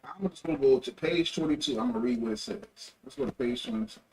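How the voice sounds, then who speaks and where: A man's voice: mid-range voice, animated, fast talker, crowd noise. A young man livestreaming, telling a rambling story in a loose, casual way and correcting himself as he goes. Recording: distant mic with faint ambient noise.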